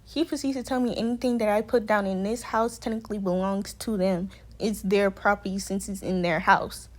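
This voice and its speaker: A woman's voice: medium pitch, fairly even intonation, moderate pace, few pauses. A young woman telling a storytime vlog in a heated, profane way. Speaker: vlogger.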